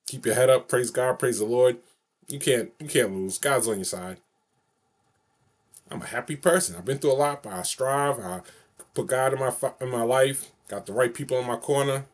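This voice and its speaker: A man's voice: mid-range voice, normal speed. A man in his forties from New York City, talking to his viewers in a rambling, repetitive and upbeat vlog, now and then chanting a short prayer. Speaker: vlogger. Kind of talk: casual monologue vlog.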